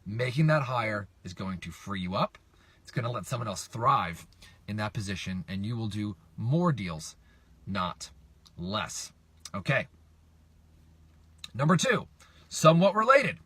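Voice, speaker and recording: Middle-aged male coach, punchy and repetitive, tense bright tone. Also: lowish voice, sing-song, unhurried, long pauses, slightly rough, no echo. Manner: emphatic, repetitive, asks viewers for responses. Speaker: real estate investing coach. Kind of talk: direct-to-camera coaching talk.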